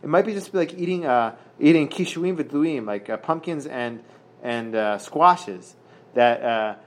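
A man teaching a Talmud page in a casual lesson. He reads Hebrew and Aramaic passages aloud, translates them, and talks haltingly, with many fillers and restarts. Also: medium pitch, animated. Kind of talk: casual daf study lesson.

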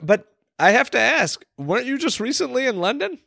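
A man's voice: very high voice, big pitch swings, moderate pace, vocal fry, pushed and bright, no room sound, studio quality. A young man hosting a podcast, joking and laughing often in casual chat. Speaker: podcast host.

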